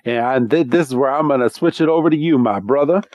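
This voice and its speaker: A man's voice: mid-range voice, fast talker, a little mellow, dry recording, highs cut off. A man co-hosting a podcast, recapping a cartoon episode in a rambling way, with many ums, on a close mic. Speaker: podcast co-host.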